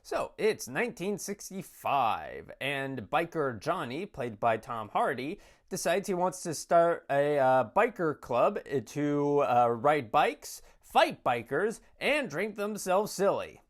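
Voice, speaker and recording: A man's voice: a little high, sing-song, slow pace, hardly any pauses. A man giving a casual spoken film review, rambling with many fillers and restarts. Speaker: movie reviewer.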